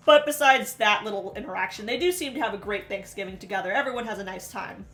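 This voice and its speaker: A woman hosting a casual show recap, sarcastic and animated, laughing often as she retells scenes. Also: medium pitch, fast talker, faint music behind. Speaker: recap host.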